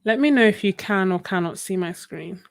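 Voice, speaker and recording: A woman's voice: medium pitch, moderate pace, vocal fry. A woman chatting casually on a livestream while she paints, rambling with many fillers and restarts and laughing often. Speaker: art livestreamer. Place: home desk. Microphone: phone.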